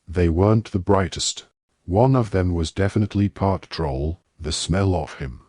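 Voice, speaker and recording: An awkward teenage wizard boy, as a man reads him, defensive and apologetic, explaining in a rush. The voice sits deep and low, recorded dry with no room sound. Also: moderate pace, darkish tone, no room sound.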